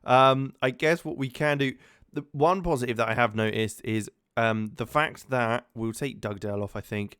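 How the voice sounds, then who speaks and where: Smooth-voiced chatty man commentating a game. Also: medium pitch, fairly bright tone, no echo, clean studio sound. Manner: chatty, many ums and repeated words. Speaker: game let's-play commentator. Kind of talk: casual gaming commentary.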